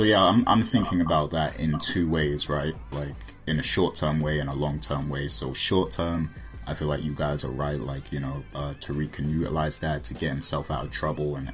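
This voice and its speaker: A man co-hosting a casual TV recap podcast, talking loosely with lots of fillers and turning questions to his co-hosts. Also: rumbling low. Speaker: podcast co-host.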